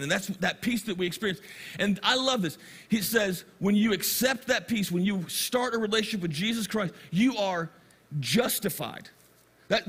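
A middle-aged male pastor preaching a sermon, animated, slowing down and stretching key words for emphasis. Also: high-pitched, slightly rough.

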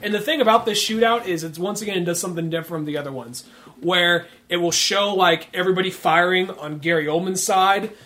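A man's voice: high voice, brisk, pushed and bright. A man co-hosting a movie podcast, talking casually and profanely, describing scenes in detail. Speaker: podcast co-host. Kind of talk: casual movie review chat.

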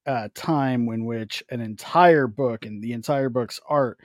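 A man on a casual podcast gives opinions with the odd curse. His voice is mid-pitched and recorded dry and close. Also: a little slow, no echo. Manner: opinionated, profane. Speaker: podcast host. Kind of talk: casual chat.

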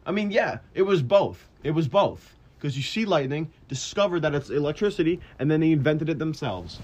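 A man's voice: a little high, expressive, fairly quick, a little mellow, breathy edge. A young man co-hosting a podcast, chatting casually and crudely, swearing often and joking around. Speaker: podcast co-host. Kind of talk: casual chat.

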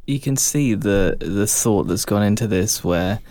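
A man's voice: on the low side, a little slow, a little mellow, dry recording. A man co-hosting a casual film discussion, speaking in a thoughtful, emphatic way. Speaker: podcast co-host.

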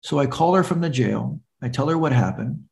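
A man's voice: medium pitch, expressive, fairly quick, creaky, a little mellow. A middle-aged man, a recovery coach, earnestly telling his personal story as a podcast guest and acting out the voices of the people in it.

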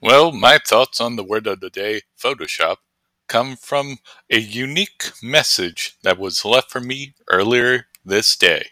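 A man hosting a comedy podcast, talking in a deadpan, playful way. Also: medium pitch, a little slow, no echo. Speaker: podcast host.

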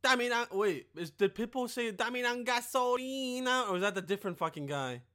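A man's voice: sits high, expressive, fast talker, fairly bright tone. A young man hosting a podcast, rambling and joking with lots of swearing. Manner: rambling, profane, jokey. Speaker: podcast host. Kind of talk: casual podcast monologue.

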